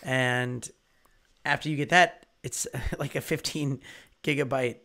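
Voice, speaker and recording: A man co-hosting a casual live-stream chat, talking in a relaxed, rambling way. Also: mid-range voice, unhurried. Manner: relaxed, rambling, chuckles while explaining.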